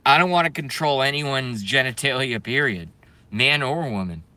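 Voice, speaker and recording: A man's voice: mid-range voice, expressive, normal speed, bright, forceful tone, no room sound. A young man ranting brashly and profanely on a live stream while reading viewer comments.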